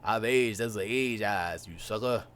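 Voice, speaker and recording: A man putting on the voice of a smooth, laid-back older smuggler who drawls slowly and calls people sucker. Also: lowish voice, fairly bright tone, slight background noise, natural voice. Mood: smug.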